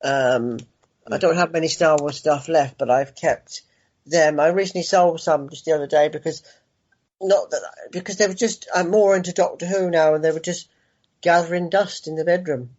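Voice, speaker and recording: A man's voice: a little high, fairly even intonation, moderate pace, a little mellow. Chatty male guest, lo-fi line. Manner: rambling, chatty. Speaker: guest collector. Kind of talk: casual interview chat.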